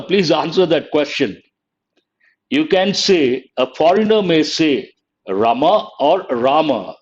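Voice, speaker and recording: An English teacher from India, with a voice on the high side captured in a muffled recording, gives an online exam-prep lecture. He quizzes his students and spells words out letter by letter.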